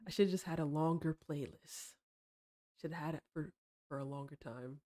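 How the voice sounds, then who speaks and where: A woman streamer chatting casually and critiquing art, playful and slangy, teasing her chat and explaining ideas slowly. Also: low voice, warm tone. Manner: explains slowly and repeats herself while drawing.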